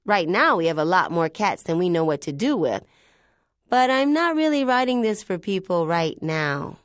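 A woman's voice: lowish voice, big pitch swings, moderate pace, no echo. A woman narrating a first-person storybook in a chatty, wry, conversational way on a close studio mic. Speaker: audiobook narrator.

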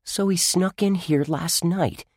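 A man voicing an eager, curious boy who asks excited questions in a storybook reading. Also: high voice, a little slow, no room sound, studio quality, voice pushed up.

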